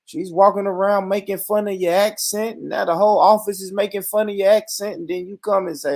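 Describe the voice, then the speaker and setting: A high, darkish-toned male voice rushes along with hardly any pauses. He hosts a casual talk-show discussion in an African American English accent, swearing heavily and speaking bluntly and emphatically.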